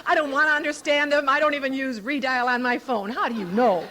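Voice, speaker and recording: An older woman speaking at a recovery convention before a live audience, an animated, playful storyteller who laughs often. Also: sits high, a little fast, slight background noise. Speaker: Al-Anon speaker.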